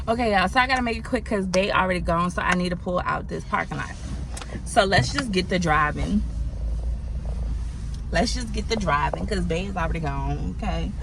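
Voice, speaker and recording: A woman in her twenties, a call center agent, telling a story in a chatty, animated casual vlog, recorded in a car on a phone. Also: on the high side, low-quality recording. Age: 20s. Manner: chatty, animated retelling with lots of "like" and "um". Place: inside a car.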